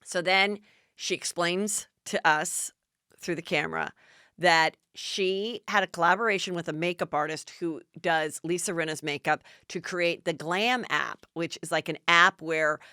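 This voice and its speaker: A woman's voice: fairly low pitch, measured pace, pushed and bright, clean tone, no echo, clean studio sound. A woman hosting a podcast, recapping TV gossip in a chatty, sarcastic way and swearing freely. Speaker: podcast host.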